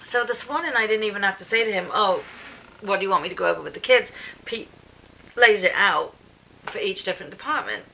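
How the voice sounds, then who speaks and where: A woman's voice: mid-range voice, fairly quick, creaky, slight background noise, low-quality recording. A British woman telling her day in a chatty vlog at home, acting out what everyone said, recorded on her camera. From Britain. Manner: chatty, animated storytelling with reported speech. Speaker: vlogger. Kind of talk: casual vlog rant recounting her day.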